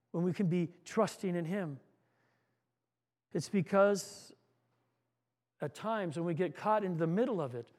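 A man's voice: sits high, a little mellow. A male pastor preaching an earnest sermon, repeating words as he goes and acting out a story.

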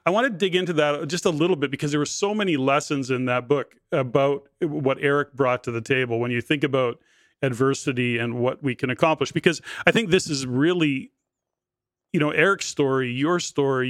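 A man's voice: medium pitch, a little fast, dry recording, studio quality. A man in his sixties hosting a podcast interview, telling stories in a chatty way with many fillers like "you know". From Canada. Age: 60s. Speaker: podcast host. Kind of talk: casual interview chat.

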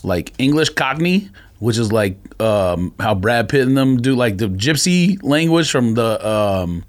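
A man's voice: medium pitch, a little slow. A man co-hosting a podcast in casual chat, chatty and jumping from topic to topic. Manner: animated, chatty, jumps between topics. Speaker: podcast co-host.

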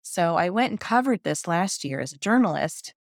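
A woman's voice: fairly low pitch, lively intonation, moderate pace, no echo, clean studio sound. A woman in her fifties, a journalist guest telling her story in a casual podcast chat, enthusiastic and laughing often. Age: 50s.

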